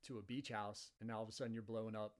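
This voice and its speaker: A man's voice: lowish voice, level tone, racing. Chatty man hosting a podcast. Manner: rambling, chatty, many fillers and restarts. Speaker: podcast host. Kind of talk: casual podcast chat. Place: Delaware, at home.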